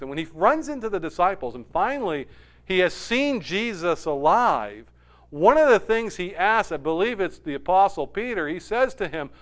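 A man preaching a sermon, animated, dropping to a hush and rising loud when he acts out quoted lines. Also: high voice. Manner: animated, swings from hushed to loud when quoting. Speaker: pastor.

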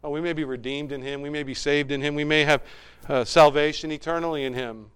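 A man preaching a sermon as pastor, moving from hushed, quiet passages to loud, fervent ones. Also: on the high side, fairly even intonation, brisk, clean tone.

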